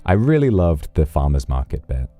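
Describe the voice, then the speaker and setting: A man with an extremely deep, dark voice talks casually on a live stream and rambles through his thoughts with many restarts. The sound is dry and close, with faint music underneath. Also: sing-song, normal speed, no echo. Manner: reflective, rambling storytelling with restarts.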